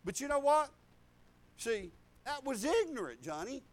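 A man's voice: sing-song, a little slow. An older man, preaching a folksy sermon full of stories, laughter and hallelujahs. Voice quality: high-pitched. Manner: rambling storytelling with laughs and hallelujahs.

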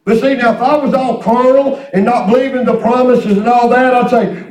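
A man's voice: extremely high pitch, fairly even intonation, fairly quick, a little mellow. A man preaching, telling his own stories in a folksy way. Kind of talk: sermon testimony. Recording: echoey hall from far off.

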